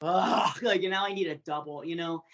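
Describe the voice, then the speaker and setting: A man from New York, a guest on a podcast, telling stories in a rambling, animated way full of fillers. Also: on the high side, fast, lo-fi sound, slight background noise. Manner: rambling, animated storyteller with many fillers and laughs. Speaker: guest, pro wrestler. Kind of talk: casual podcast chat.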